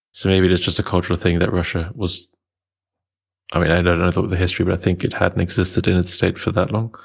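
A man's voice: low-pitched, creaky, slightly rough. A man discussing a novel in a casual chat, hesitant and full of restarts. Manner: hesitant, many restarts and fillers. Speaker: book club participant.

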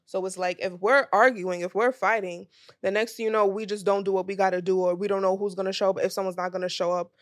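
A young woman co-hosting a podcast in casual chat, relaxed and teasing, with dry interjections. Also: mid-range voice, fast talker, no room sound. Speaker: podcast co-host.

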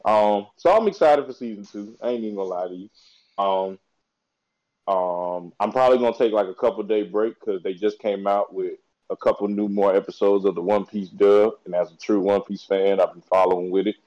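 Mellow-voiced man, slangy and excitable. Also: fairly low pitch, fairly quick. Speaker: podcast co-host. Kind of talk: casual chat about anime. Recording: dull lo-fi recording.

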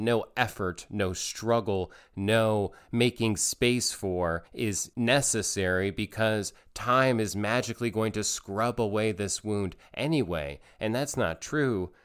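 Deep-voiced guy talking slow and thoughtful, keeps repeating phrases to make his point. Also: clear, resonant tone. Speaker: speaker on parenting and emotional healing. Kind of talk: reflective monologue.

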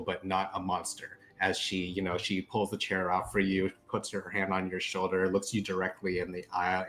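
A man's voice: on the low side, fairly bright tone. A man narrating as game master in casual, filler-heavy talk. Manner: casual, many fillers, laughs often.

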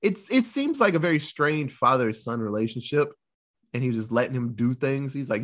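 A man retelling a Western movie in casual chat, quickly acting out the characters' lines and laughing often. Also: medium pitch, animated, a bit bright.

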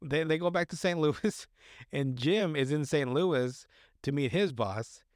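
A man co-hosting a podcast gives a rambling, profane recap of a film, acting out what the characters say. His voice is a little high and his pace a little slow, captured in studio quality with no room sound.

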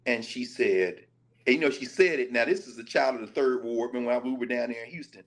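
A man, a professor, giving lively commentary and telling stories with quoted dialogue. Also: medium pitch, a little fast. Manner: animated storytelling, quoting others in his own voice. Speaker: professor and show regular.

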